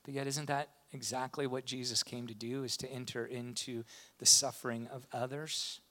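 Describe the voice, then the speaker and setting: A man's voice: medium pitch, moderate pace. A man preaching a sermon with impassioned delivery. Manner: impassioned, rising to animated retellings. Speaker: pastor.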